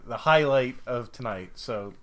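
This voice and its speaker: A man's voice: mid-range voice, measured pace, a bit bright. A man co-hosting a podcast, retelling a film plot step by step in casual chat, sometimes exasperated by interruptions. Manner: methodical, slightly exasperated. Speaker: podcast co-host.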